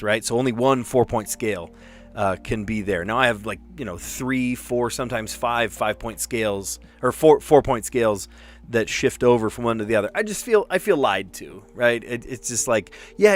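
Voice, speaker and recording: A middle-aged man, a teacher, chatting casually as he solves word puzzles aloud, muttering letters and laughing at himself. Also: mid-range voice.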